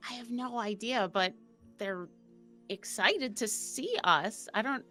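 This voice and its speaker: Excited woman playing a tabletop game. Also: on the high side, slow pace, faint music behind. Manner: excited, laughing, talks through her character's actions. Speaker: player. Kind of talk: casual in-character play.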